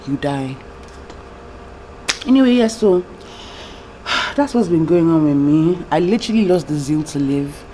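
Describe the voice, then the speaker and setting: A woman's voice: low voice, mellow, poor audio. Young woman, candid confessional vlogger, tearful, faint noise behind her. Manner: candid, rambling, heartfelt. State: tearful, trying not to cry. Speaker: YouTube vlogger. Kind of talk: personal confessional vlog.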